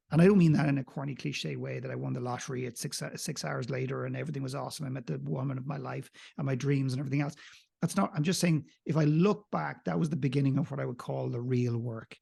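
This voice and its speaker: A man, a podcast guest, telling a candid personal story in an animated, self-mocking way with some profanity. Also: medium pitch, creaky, slightly rough.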